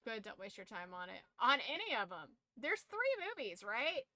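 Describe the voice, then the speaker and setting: A woman's voice: a little high, huge pitch swings, moderate pace, pushed and bright, dry recording. A tired woman streamer chatting casually late at night, rambling loosely and swearing now and then.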